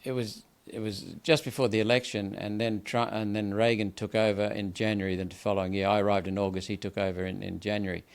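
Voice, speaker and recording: This older Australian man speaks in a rough, gravelly voice. He pushes his arguments with heavy emphasis, stumbles into repeated words, and keeps going without a break. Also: fairly low pitch, flat delivery, fast, few pauses. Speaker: senator, guest. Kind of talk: impassioned political interview.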